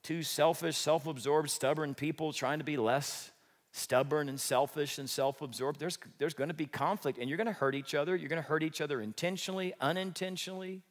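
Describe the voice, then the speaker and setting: High-voiced man preaching in a reverberant hall. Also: brisk. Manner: lively, joking, acts out quoted speech. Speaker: pastor. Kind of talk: sermon.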